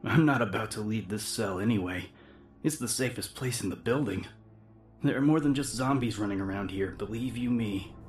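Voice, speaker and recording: A man doing a gruff, grouchy reporter. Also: lowish voice, normal speed, lightly acted. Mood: smug. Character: grouchy, cowardly male reporter, middle-aged. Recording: music bed under the reading.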